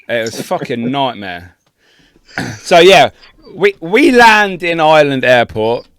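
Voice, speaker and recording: A man co-hosting a podcast, telling a travel story in a sweary, laughing, animated way. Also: medium pitch, slow pace, smooth, no echo. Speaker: podcast co-host. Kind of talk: casual storytelling chat.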